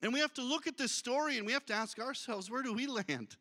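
A man preaching a sermon, reading scripture aloud and breaking off into lively, conversational asides. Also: very high voice, quick pace. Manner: reads scripture aloud, then breaks off to comment. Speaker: pastor.

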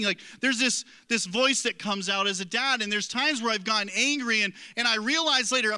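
Bright, high-voiced male pastor preaching. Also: brisk, hardly any pauses, clear, resonant tone. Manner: earnest, conversational, self-deprecating. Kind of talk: sermon.

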